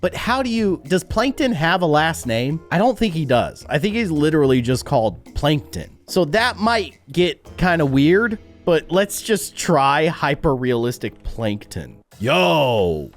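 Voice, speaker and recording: A man doing casual reaction commentary as a YouTuber, animated, laughing and easily shocked, on a close desk mic. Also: fairly high pitch, unhurried, hardly any pauses, faint music behind.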